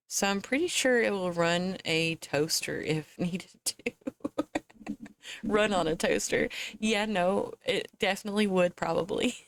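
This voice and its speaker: Casting: young woman game streamer, lowish voice, loose chatty delivery, dry close mic. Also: no room sound. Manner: chatty, laughs often, talks to chat and to herself. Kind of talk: casual live-stream chat while gaming.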